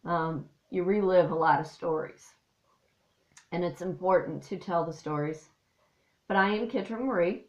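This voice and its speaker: A woman's voice: fairly low pitch, unhurried, roomy sound, highs cut off. A woman from Missouri, an artist and life coach, talking in a heartfelt, rambling way with many fillers, choked up at times. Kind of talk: personal vlog monologue. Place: her home.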